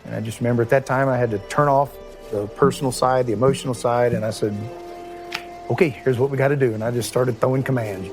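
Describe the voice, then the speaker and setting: Middle-aged man from Kentucky, ex-police chief, halting emotional interview delivery, soft music under it. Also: mid-range voice, steady tone. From Kentucky, USA. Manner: plain-spoken, halting, emotional. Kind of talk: interview recollection.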